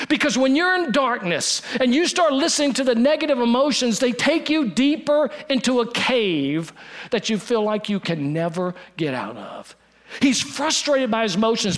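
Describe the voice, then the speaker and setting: A man preaching a sermon, dropping to a hush and then rising to urgency, repeating lines for emphasis. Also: extremely high pitch. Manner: preaching with dramatic dips to a hush and rises to urgency. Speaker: pastor.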